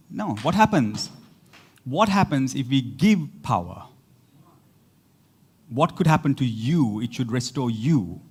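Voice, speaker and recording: A man preaching a sermon as pastor, animated, repeating words for emphasis and breaking into laughing asides. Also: mid-range voice, slightly rough.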